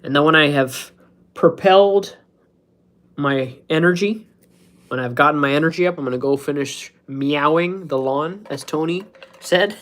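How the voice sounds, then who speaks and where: A man's voice: fairly high pitch, moderate pace, fairly bright tone. Man, 30s, casual home streamer; goofy, rambling, self-deprecating humor. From United States. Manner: joking, self-mocking, laughs at his own jokes. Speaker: streamer hosting a live stream. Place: at home, indoors.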